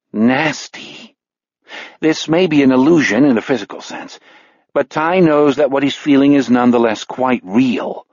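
A man reads a grim audiobook at a measured pace, dwelling slowly on the darkest words. The recording is dry and slightly dull. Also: medium pitch, dry recording. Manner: measured, slows on grim details. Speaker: narrator. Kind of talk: audiobook narration.

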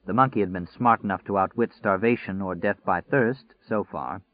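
A man narrating an audiobook in a measured, deliberate reading. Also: on the low side. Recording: dry, phone-like narrow sound.

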